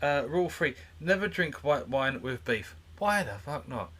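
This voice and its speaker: A man's voice: mid-range voice, big pitch swings, normal speed, a bit bright. A young man co-hosting a casual podcast, easygoing and rambling, swearing now and then. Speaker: podcast co-host. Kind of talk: casual banter.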